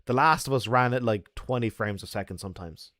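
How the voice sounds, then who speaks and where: A man's voice: medium pitch, a little fast, fairly bright tone, dry recording, studio quality. A man streaming games, chatting casually with viewers and telling stories full of sound effects and swearing. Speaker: game streamer.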